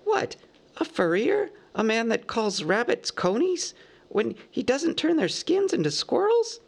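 A man's voice: very high-pitched, wildly swooping pitch, measured pace, gravelly, pitched above the performer's own voice, full character voice. A man reading a storybook aloud, voicing Bilbo, a small fussy male hobbit who asks fretful questions. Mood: bewildered.

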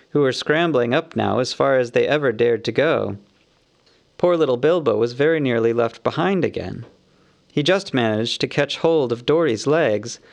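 A man narrating a fantasy audiobook in a measured, expressive storytelling manner. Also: mid-range voice, vocal fry.

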